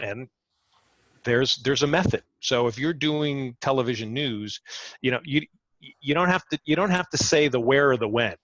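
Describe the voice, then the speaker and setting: Middle-aged man, ex-TV reporter, energetic guest who stumbles into sentences; dull, dry call audio. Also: mid-range voice, no room sound. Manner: energetic, repeats words when starting sentences. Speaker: interview guest, former TV reporter. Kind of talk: conversational advice.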